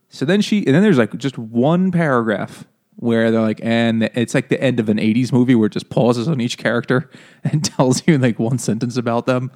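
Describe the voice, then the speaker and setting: A man's voice: mid-range voice, moderate pace, darkish tone. A man co-hosting a casual book club podcast, retelling the story with joking mock quotes. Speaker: podcast co-host.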